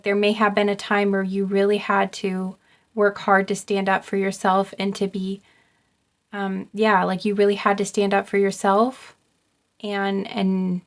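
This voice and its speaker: A young woman does an intuitive card reading for her viewers. She talks in a soft, halting way, restarting her sentences and filling pauses with ums. Her pitch stays level and even throughout. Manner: soft, halting, repeats herself, many ums. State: getting choked up. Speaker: tarot card reader.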